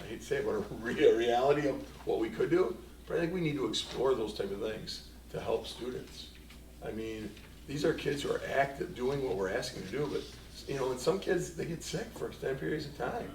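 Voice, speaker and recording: A man's voice: mid-range voice, darkish tone, slight background noise. A man, a school superintendent, giving a rambling anecdotal report at a board meeting and quoting himself and a former student. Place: meeting room. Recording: echoey room, distant mic, faint ambience.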